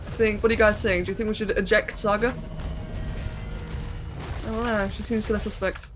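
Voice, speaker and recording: A woman's voice: mid-range voice, little pitch movement, a little fast, long pauses, over music. A woman streaming a game live, chatting casually, thinking aloud and answering her chat as she plays.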